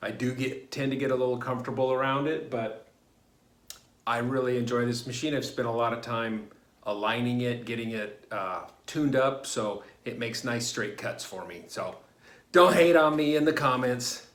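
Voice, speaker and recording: A middle-aged man records a casual woodworking vlog from his home garage workshop as a DIY vlogger, chatty, rambling, and correcting himself as he goes. His voice is medium-pitched and a bit bright, at a normal speed.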